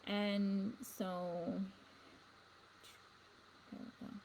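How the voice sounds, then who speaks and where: A woman's voice: mid-range voice, level tone, drawn-out words, creaky, darkish tone, slight background noise, low-quality recording. A woman giving a rambling spiritual monologue, repeating words and trailing off into asides. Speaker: spiritual vlogger.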